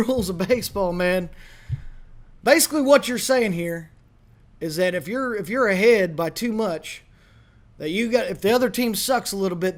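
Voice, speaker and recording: Man, podcast host, high voice, brash, joking. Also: a bit bright. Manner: brash, joking, swears freely. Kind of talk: casual podcast talk.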